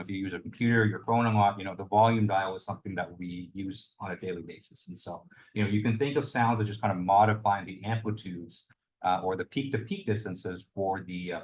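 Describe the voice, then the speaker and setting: A young adult man giving a university lecture as the instructor, explaining loosely with lots of hedges and fillers. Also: lowish voice. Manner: loose and hedging, full of "you know" and "kind of".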